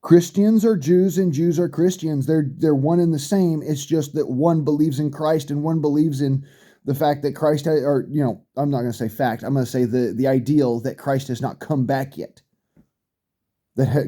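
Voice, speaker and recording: A middle-aged man with a very dark, mellow voice rants bluntly to the camera. He swears heavily and repeats his points for emphasis. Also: mid-range voice, fairly even intonation, moderate pace. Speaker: vlogger. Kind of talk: profane rant.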